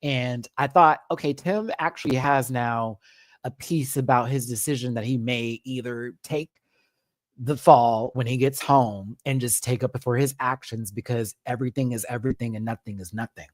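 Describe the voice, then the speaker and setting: A man's voice: mid-range voice, normal speed, no room sound, clean studio sound. A man hosting a live-stream show, chatting casually and expressively while recapping TV and acting out quotes. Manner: animated and expressive, swears, acts out quotes.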